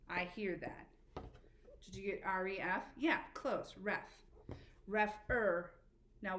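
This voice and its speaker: A woman's voice: medium pitch, fairly bright tone. Patient woman teaching a spelling lesson. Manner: patient, encouraging, spells letters out slowly. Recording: echoey room with faint background noise.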